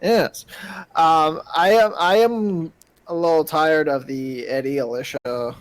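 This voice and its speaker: A man's voice: a little high, takes it slowly, rough recording. A man co-hosting a casual wrestling podcast, laid-back and a bit hesitant, laughing along with his partner. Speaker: podcast co-host.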